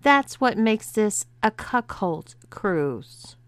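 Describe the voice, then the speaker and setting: Mocking, domineering wife , read by the woman narrator; slow, dry and close. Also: medium pitch, sing-song, no room sound. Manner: mocking, ordering.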